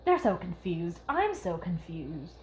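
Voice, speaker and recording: A woman's voice: lowish voice, sing-song, measured pace, a little mellow, a little hiss or hum, poor audio. A young woman giving casual critical commentary, ranting with exasperated sarcasm. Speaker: video essayist.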